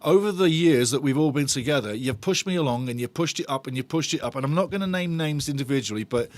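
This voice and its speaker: A man's voice: medium pitch, fast talker, dry recording. A man hosting a live football watch-along, chatting with viewers in a bantering, sarcastic way. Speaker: host of a football fan watch-along channel.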